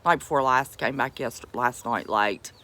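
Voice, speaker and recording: A woman with a very deep yet bright, forceful voice greets viewers on her homestead live stream at a moderate pace. She's from West Virginia, has an Appalachian accent, and chats folksily, calling people sweetheart and buddy.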